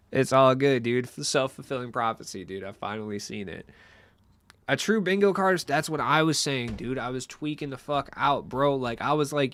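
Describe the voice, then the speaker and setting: A man's voice: medium pitch, animated, normal speed, fairly bright tone, no echo. A young man chatting casually with his stream viewers in a loose, rambling, profane way.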